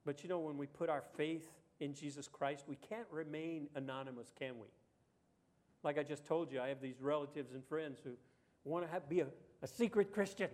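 Speaking at a normal pace with a slightly mellow voice, a male pastor delivers a chatty sermon. He throws rhetorical questions at the congregation and performs quoted voices through jumps in pitch.

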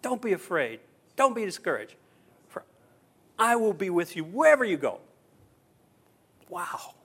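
A middle-aged man preaching a sermon as pastor, telling stories with acted-out quotes and swinging between loud and hushed. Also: high voice, sing-song, unhurried, breathy edge.

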